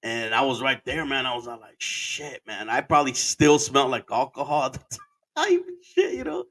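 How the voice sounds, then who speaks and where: A man's voice: mid-range voice, sing-song, normal speed, fairly bright tone. A man in his thirties from Arizona, telling a casual, rambling story full of swearing and dropping into Spanish phrases. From Arizona, USA.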